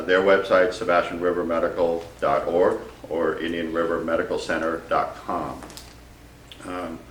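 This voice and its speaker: A man giving a press briefing update on hospital figures, speaking in a halting, unhurried way with many fillers. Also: sits low, fairly bright tone. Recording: echoey, distant mic with faint noise.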